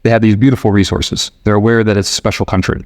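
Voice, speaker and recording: A man from the United States hosting a podcast, talking in a relaxed, rambling way with restarts and quoted asides. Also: lowish voice, fast, dry recording, studio quality. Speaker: podcast host. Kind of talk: casual explanatory monologue. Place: living abroad in Argentina.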